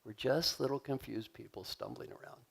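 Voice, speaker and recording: A man giving a live leadership seminar in a large conference hall, energetic and joking as he leads the audience in call-and-response. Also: medium pitch, moderate pace, vocal fry, noisy background. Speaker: leadership coach and keynote speaker. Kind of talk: live motivational seminar talk.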